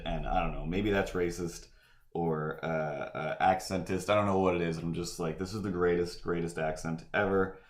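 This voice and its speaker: A man chatting casually on a livestream while he draws, wandering through asides and fillers. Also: low voice. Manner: meandering, full of fillers and asides. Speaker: livestream artist. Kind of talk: rambling casual chat while drawing. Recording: echoey room.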